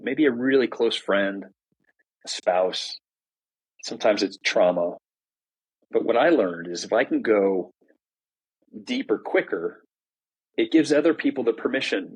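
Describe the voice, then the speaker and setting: A man's voice: medium pitch, animated, moderate pace, slightly rough, rough recording. A middle-aged man, a podcast guest, telling his story candidly and explaining ideas in a conversational way.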